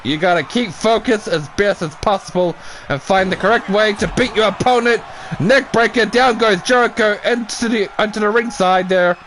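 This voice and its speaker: A man giving casual play-by-play commentary on a wrestling video game, shouting at big moves and swearing now and then. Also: high-pitched, normal speed, a little hiss or hum. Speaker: YouTube gaming commentator.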